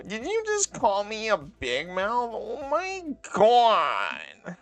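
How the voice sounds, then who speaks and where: A man doing a whiny, drawn-out mock voice. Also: sits high, wildly swooping pitch, a bit bright, soft background music, pitched above the performer's own voice, heavily acted. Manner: drawn-out, mocking sing-song delivery. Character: exaggerated whiny young man, dramatic and indignant.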